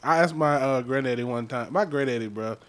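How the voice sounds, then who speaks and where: A man's voice: mid-range voice, brisk. A man, a comedian guest, telling stories in a laid-back, chatty way on a podcast. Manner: laid-back storytelling, laughing. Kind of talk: casual chat.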